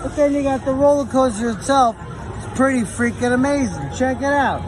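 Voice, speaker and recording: A man's voice: very high voice, moderate pace. A man giving a jokey, wisecracking travel report at a theme park. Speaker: travel segment correspondent. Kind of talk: casual comedic vlog-style travel report. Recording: crowd and outdoor noise behind.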